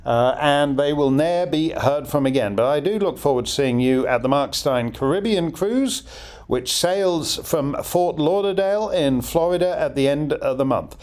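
Middle-aged male podcast host, lively up-and-down delivery, fairly high voice, wry and rambling. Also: moderate pace. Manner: wry, digressive, chuckling asides. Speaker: podcast host answering listener questions. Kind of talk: casual Q&A chat.

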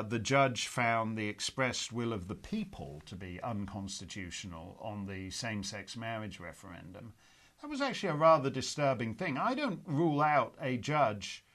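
A man hosting a show, reading listener letters and answering them in measured, opinionated commentary with frequent hesitations. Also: medium pitch, pushed and bright. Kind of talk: conversational commentary.

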